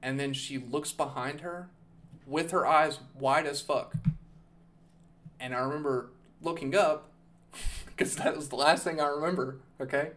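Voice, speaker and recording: A man's voice: a little high, steady tone, unhurried, pauses often, fairly bright tone, slight background noise. A man hosting a podcast, casually telling a long story, rambling and swearing, with "okay?" and "dude" thrown in. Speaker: podcast host.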